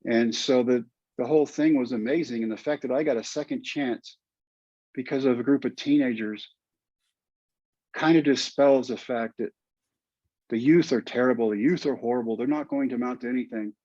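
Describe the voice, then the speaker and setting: A man's voice: mid-range voice, moderate pace, mellow, no echo. An older man with a Texan accent, a podcast guest telling a heartfelt story in an earnest, emotional way. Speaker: guest, former pitcher and teacher. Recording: dull, lo-fi, dry sound.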